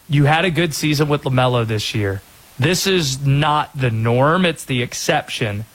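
A man hosting sports talk radio, energetic and opinionated, with quick asides. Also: fairly high pitch, husky, poor audio.

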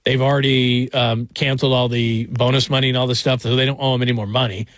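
Chatty sports radio host, dry studio sound. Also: male voice, medium pitch, little pitch movement, fast talker, a bit bright, no echo. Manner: chatty, rambling, laughs while telling stories. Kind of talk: casual talk radio monologue. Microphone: studio microphone.

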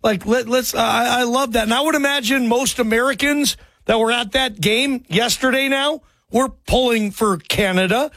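A very high-pitched man hosts a sports talk radio show into a studio mic. His delivery is energetic, chummy and loose with slang. The sound is close and dry, with no room around it. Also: normal speed, hardly any pauses, no echo. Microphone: studio microphone.

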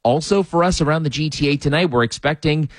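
A man's voice: a little high, fast talker, no echo, clean studio sound. A man giving a radio weather forecast in a friendly, chatty manner. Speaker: meteorologist.

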